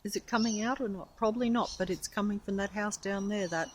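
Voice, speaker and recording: A chatty woman talking into the phone she holds while she walks about outside on her street. She wanders from one thought to the next at a middling pitch, with soft street noise faintly behind her. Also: steady tone, a little fast. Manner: chatty, meandering, talks to camera and to her cat. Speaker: vlogger. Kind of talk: rambling handheld phone vlog. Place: outdoors on a residential street.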